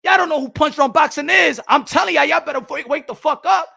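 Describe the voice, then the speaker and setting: High-pitched gravelly guy ranting about boxing deals, swearing a ton, bright edgy voice. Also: fast. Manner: loud, profane, animated, laughing often. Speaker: boxing channel host. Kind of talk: ranting reaction to viewer comments.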